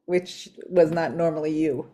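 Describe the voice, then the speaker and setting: A woman hosting a faith talk show, speaking as a soft, affirming listener. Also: deep voice, steady tone, a little slow. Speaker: host. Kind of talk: casual chat.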